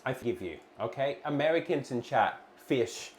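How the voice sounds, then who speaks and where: A woman's voice: very deep voice, lively intonation, moderate pace, a little mellow. A woman co-hosting a cooking stream, chatting with viewers and reading their messages with many ums. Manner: chatty, reads chat aloud, many ums. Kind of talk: casual chat with live chat. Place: small home kitchen. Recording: echoey kitchen with faint noise.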